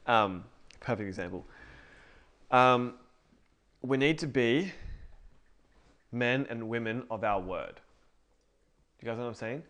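A man's voice: medium pitch, a little slow, pauses often, fairly bright tone. A man co-hosting a casual faith podcast, rambling and correcting himself as he tells stories. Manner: rambling, self-correcting, storytelling. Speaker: podcast co-host.

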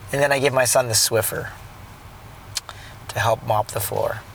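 A man talks as he drives, earnest and rambling, often circling back and restarting a thought. His voice sits at an ordinary middle pitch, and faint road noise hums underneath. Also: gravelly, a bit bright, poor audio. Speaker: father telling his day. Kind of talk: casual storytelling while driving. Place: in a car.

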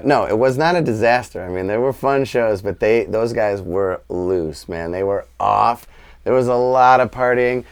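A man telling a road story as a podcast guest, lively and quoting people in animated voices. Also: medium pitch, clear, resonant tone. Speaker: guest musician. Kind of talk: storytelling anecdote.

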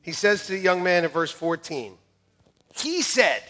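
A man preaching a lively sermon to his church, joking with volunteers in a staged skit and then shouting with excitement. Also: high voice, a little fast, faint music behind. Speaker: pastor. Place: church sanctuary.

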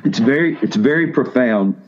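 A pastor speaking to seminary students has a medium-pitched voice with lively intonation and a normal speed. He preaches in a casual way, with many restarts and questions for the audience. The recording's highs are cut off.

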